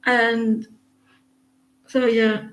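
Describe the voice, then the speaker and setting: A woman's voice: fairly high pitch, level tone, extremely slow, a bit bright. A woman giving casual live tarot readings, talking hesitantly with many fillers and restarts. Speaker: tarot reader. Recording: dull lo-fi sound.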